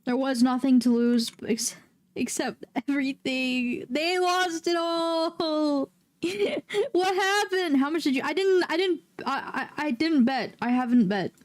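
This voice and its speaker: A woman streaming a game, chatting casually with viewers and breaking into loud, excitable, swearing outbursts. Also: sits high, measured pace. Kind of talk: casual livestream chat.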